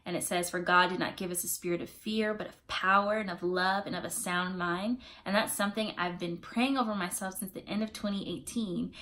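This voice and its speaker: A young adult woman vlogging in a casual, expressive way, giving faith-based encouragement with preacher-like emphasis. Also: on the low side, fairly quick, hardly any pauses. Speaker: YouTube vlogger.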